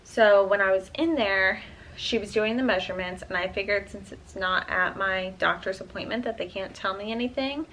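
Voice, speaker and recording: Woman, 20s, bright voice, casual vlog storytelling, chatty, lots of fillers. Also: medium pitch, moderate pace, a little hiss or hum, low-quality recording. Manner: chatty, full of "um" and "like". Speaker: vlogger.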